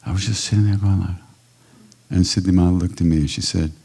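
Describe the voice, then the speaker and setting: Older man, very deep voice, gravelly texture, dark mellow tone, casual storytelling at a retreat. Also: fairly even intonation, fairly quick. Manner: warm anecdotal storytelling, casual and conversational. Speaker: kirtan teacher answering questions. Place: ashram hall at a live retreat.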